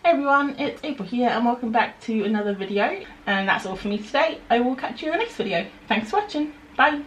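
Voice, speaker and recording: A young woman, chatting casually through her day in a relaxed vlog. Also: fairly high pitch, fast, muffled recording, slight background noise. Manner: chatty and relaxed, self-deprecating. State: out of breath after a run. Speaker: vlogger.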